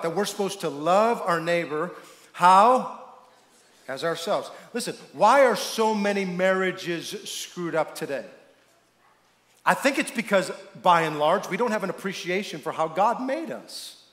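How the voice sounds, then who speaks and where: Emphatic high-voiced preacher in a big hall. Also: male voice, animated, moderate pace, a bit bright. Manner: emphatic, with call-and-response questions to the congregation. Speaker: pastor. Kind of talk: sermon. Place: church sanctuary. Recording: echoey church hall with long reverb.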